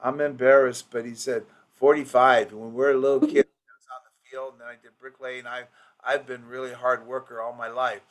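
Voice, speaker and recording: Man, staff trainer, rambling, restarts, acts out patient quotes, recorded call, middle pitch. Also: little pitch movement, fairly quick. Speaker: practice coach training office staff. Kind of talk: informal training session.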